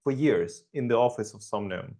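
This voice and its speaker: A man from Ukraine, hosting a casual podcast chat, excitable and swearing freely. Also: medium pitch, normal speed. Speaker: podcast host.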